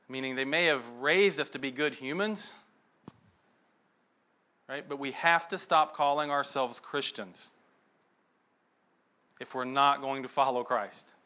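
A middle-aged man preaching in a loose, conversational way, spinning a story and tossing in quick asides to the listeners. His voice sits a little high and sounds bright and forceful. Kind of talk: sermon.

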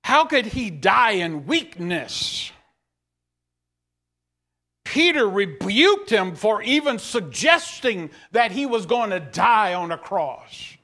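A man's voice: high voice, big pitch swings, takes it slowly, sharp tone. A man preacher giving a dramatic sermon, reading scripture aloud and questioning his listeners.

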